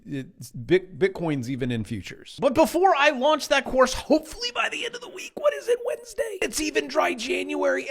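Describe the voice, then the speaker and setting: Middle-aged male vlogger, lively pitch, sarcastic rants, trading chart walkthrough. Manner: sarcastic, jumpy, mocking voices of doubters. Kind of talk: casual rant and chart walkthrough.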